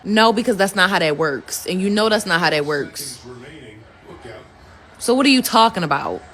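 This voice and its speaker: A woman's voice: medium pitch, lively intonation, moderate pace, a bit bright. A woman speaking to camera in an exasperated, rhetorical way. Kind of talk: opinion clip to camera.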